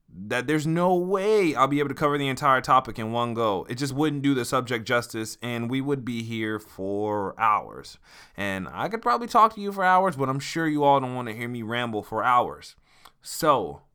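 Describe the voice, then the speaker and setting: A man hosting a motivational podcast, talking earnestly and with emphasis, slowing down to stress key words. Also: mid-range voice, pushed and bright. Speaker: podcast host.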